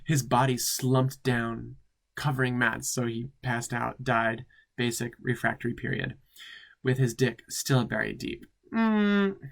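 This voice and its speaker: A man's voice: medium pitch, a little slow, gravelly. Campy drag queen reading with sassy asides. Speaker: drag queen host reading fan fiction. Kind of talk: comedic reading with commentary.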